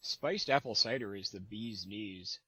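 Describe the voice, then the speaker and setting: Bright, wry reader making dry jokes. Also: medium pitch, measured pace, husky, no room sound. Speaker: fanfiction reader. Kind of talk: comedic reading and banter.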